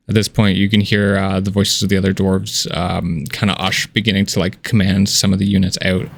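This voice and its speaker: A man's voice: deep voice, flat delivery, a little fast, vocal fry, hardly any pauses, no room sound. A man narrating a tabletop game as game master, casual and descriptive with many fillers.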